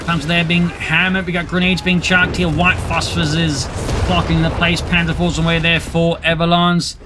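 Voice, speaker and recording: Excitable man casting a battle game. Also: a little high, noisy background. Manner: brisk, excitable, wry. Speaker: game caster. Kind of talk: play-by-play commentary. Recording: commentary over loud game battle sound. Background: gunfire and artillery.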